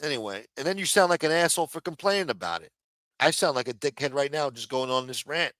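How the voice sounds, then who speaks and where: A man's voice: mid-range voice, expressive, fast talker, a bit bright, dry recording. A middle-aged man from the United States hosting a livestream, ranting angrily and swearing constantly. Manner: profane, angry ranting. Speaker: show host. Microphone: streaming microphone.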